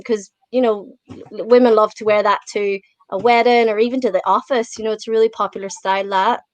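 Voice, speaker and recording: A woman with an Irish accent, a guest in a casual interview chat, chatty and quick to laugh as she tells stories. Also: mid-range voice, no echo. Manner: chatty, laughs often while telling stories.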